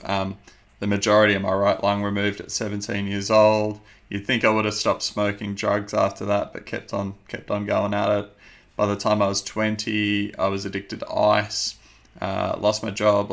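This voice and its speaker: A man in his thirties, appearing as a guest, shares his personal testimony earnestly and with measured pacing, filling it with many fillers. His voice is fairly low, gravelly, and a bit bright.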